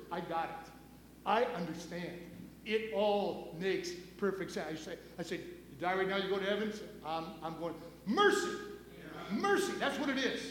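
A pastor preaching a sermon in a church, impassioned, with repetitions and restarts. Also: male voice, high voice, a bit bright, roomy sound, big-room sound, slight background noise. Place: church sanctuary.

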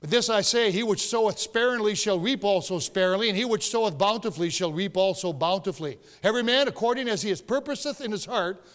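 A man's voice: high voice, quick pace, hardly any pauses. A man preaching a sermon in a church, telling stories and growing emphatic. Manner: storytelling, emphatic, rising to shouts. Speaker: pastor. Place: church sanctuary. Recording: long reverb of a church hall.

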